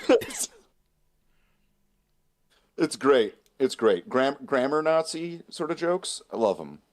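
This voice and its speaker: A man's voice: on the high side, wildly swooping pitch, takes it slowly, long pauses. A man co-hosting a casual chat, rambling and laughing often. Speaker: co-host.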